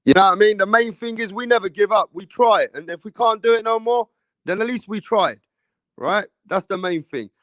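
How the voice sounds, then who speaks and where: An Englishman runs a casual live boxing chat stream, reading out viewer messages and constantly talking to his audience in a slangy, chatty way. His high-pitched voice is a bit bright and a little fast, with no echo.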